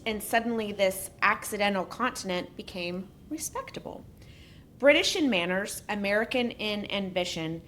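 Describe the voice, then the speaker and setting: A woman's voice: mid-range voice, a bit bright. A woman co-hosting a casual podcast, reading a prepared story with joking asides. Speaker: podcast co-host.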